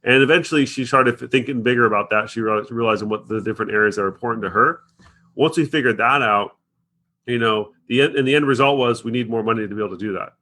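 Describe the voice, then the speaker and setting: A man's voice: mid-range voice, quick pace, pushed and bright. A man talking as a podcast guest in casual chat, rambling and restarting his phrases.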